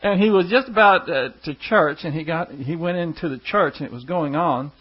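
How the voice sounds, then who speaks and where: A pastor chats with his flock in a loose, folksy ramble and chuckles between stories. His voice sits a bit high for a man and has a husky grain. The recording is dull and lo-fi. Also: moderate pace. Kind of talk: casual storytelling to a congregation.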